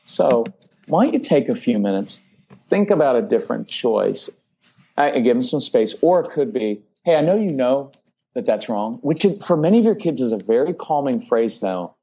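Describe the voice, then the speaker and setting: A man, a parenting expert guest on a podcast, talking casually and acting out calm phrases for parents to use. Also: medium pitch, moderate pace, slightly rough. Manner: animated, acts out parent phrases.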